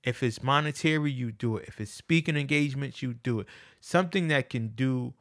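A man hosts his own podcast, delivering an earnest, casual motivational monologue and repeating phrases for emphasis. His mid-range voice is a little fast and fairly bright, recorded at studio quality with no room sound.

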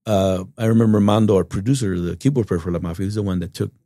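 Gravelly, low-voiced man telling stories. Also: fairly even intonation, fast, mellow, no room sound, clean studio sound. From Texas. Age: middle-aged. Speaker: guest musician. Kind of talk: casual storytelling interview.

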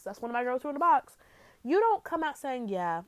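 A woman's voice: high voice, big pitch swings, fairly quick, a bit bright, no echo. A young woman vlogging about dating, talking bluntly and profanely in a rambling, casual way. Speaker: vlogger giving dating advice. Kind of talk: casual vlog monologue.

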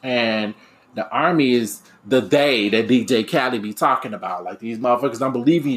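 A man's voice: mid-range voice, brisk, a bit bright. Candid rambling young man. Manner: candid, rambling, with frequent fillers and restarts. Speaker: aspiring radio DJ and podcaster. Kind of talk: personal reflective monologue.

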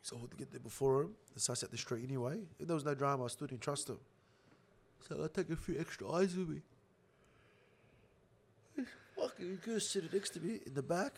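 A man's voice: a little high, fairly quick, long pauses, slightly rough. A young man telling a story in casual chat, blunt and profane, laughing along with his own tale. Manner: profane, blunt, swears constantly.

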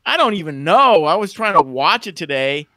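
A man with a high, bright, edgy voice rants to his stream chat, tripping over and repeating words as he mocks people. The sound is close and dry, with no room around it. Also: sing-song, normal speed, dry recording. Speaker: livestream co-host. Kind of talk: casual ranting stream chat.

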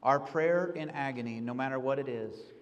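Guy pastor preaching, earnest, swings loud then hushed, big echoey church hall. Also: medium pitch, moderate pace, highs cut off. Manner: earnest, swings from raised pleading to hushed reflection. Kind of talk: sermon.

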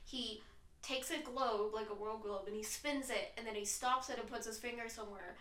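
A woman's voice: fairly high pitch, fairly even intonation, moderate pace, bright, forceful tone. A young woman co-hosting a podcast in casual chat, full of "like" and little self-deprecating jokes. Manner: chatty, lots of fillers, self-deprecating jokes. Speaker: podcast co-host. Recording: roomy, distant mic.

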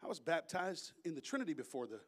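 High-voiced man preaching a sermon. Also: quick pace. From Florida, USA. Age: 30s. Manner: animated storytelling, bursts to shouting.

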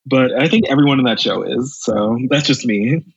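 Husky man chatting animatedly. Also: medium pitch, normal speed, no room sound, dull audio. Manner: animated, laughs often, campy asides. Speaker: returning podcast guest. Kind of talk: casual chat.

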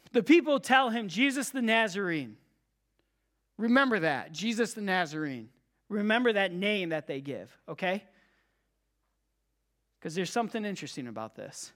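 At a church service, a pastor preaches to a live congregation, emphatic and repetitive, swinging between loud cries and hushed, low tones.

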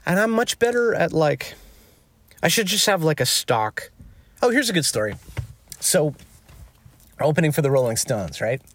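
A man, a touring musician, telling an anecdote in casual chat, animated and peppered with fillers. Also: moderate pace, pauses often. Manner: animated, jumps into high excited voices when quoting himself; peppers speech with "like" and "you know". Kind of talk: casual storytelling.

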